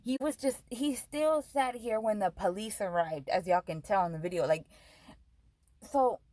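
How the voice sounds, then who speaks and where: A woman's voice: medium pitch, moderate pace, darkish tone, dry recording, rough recording. Heated profane young woman ranting. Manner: profane, heated, switches between English and Spanish. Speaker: vlogger. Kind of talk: casual storytime rant.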